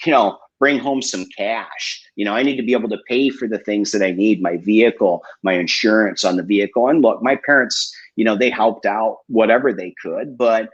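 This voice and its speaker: A man's voice: lowish voice, a little fast, few pauses, breathy edge. A man guest coach candidly telling his life story in a casual live interview, with lots of fillers and swearing. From Michigan, USA. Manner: candid and profane, with many fillers. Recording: dull lo-fi online stream.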